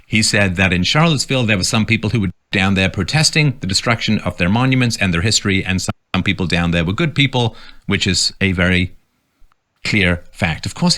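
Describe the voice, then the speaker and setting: A man's voice: on the low side, bright, forceful tone. A man giving sarcastic political commentary, reading out quotes and mocking them.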